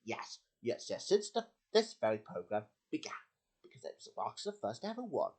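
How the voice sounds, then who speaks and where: A man's voice: mid-range voice, wildly swooping pitch, moderate pace, breathy edge. A man hosting a homemade puppet show, talking in a rambling way with many slips and restarts. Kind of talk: casual chat.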